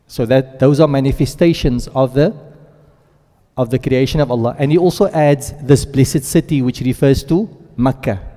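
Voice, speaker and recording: In a large hall, a medium-pitched man with a warm tone teaches the Quran to a class. His lesson moves step by step, with regular check-ins with the students and quick runs of recited Arabic verb forms.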